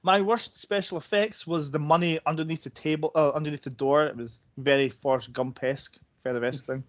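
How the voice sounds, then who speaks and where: A man's voice: fairly high pitch, fairly even intonation, brisk. Man, podcast co-host, wry casual award picks, muffled lo-fi sound. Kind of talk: casual film chat. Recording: dull lo-fi podcast audio.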